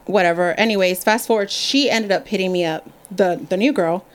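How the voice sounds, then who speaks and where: A woman's voice: mid-range voice, a little fast. A woman co-hosting a casual podcast chat, telling a story candidly with plenty of swearing and laughter. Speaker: podcast co-host.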